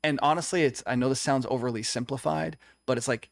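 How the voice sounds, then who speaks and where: A man's voice: mid-range voice, fast, vocal fry, few pauses, dry recording, clean studio sound. A young man telling a personal story in a conversation, earnest and confessional, acting out what others said. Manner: earnest, confessional, tells stories with quoted dialogue. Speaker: co-host.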